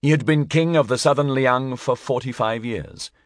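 A man reading a history audiobook aloud as a measured, storytelling narrator. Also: mid-range voice, no room sound, clean studio sound.

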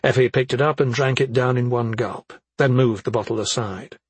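Husky male audiobook narrator. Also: medium pitch, normal speed, dry recording. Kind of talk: scripted narration.

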